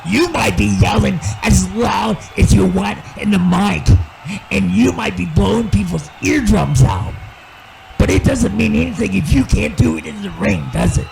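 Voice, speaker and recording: A man playing a gravelly vengeful evil clown. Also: fairly high pitch, sing-song, slow pace, exaggerated voice, low-quality recording. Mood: threatening. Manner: yells threats, swings between brooding and shouting. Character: angry male evil clown wrestler, vengeful. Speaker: wrestling promo character. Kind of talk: wrestling promo. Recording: music playing clearly behind.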